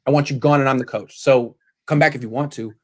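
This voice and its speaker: A man hosting a casual sports talk show, animated and quick to paraphrase what others said. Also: medium pitch. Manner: animated, quotes people in paraphrase. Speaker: sports podcast host.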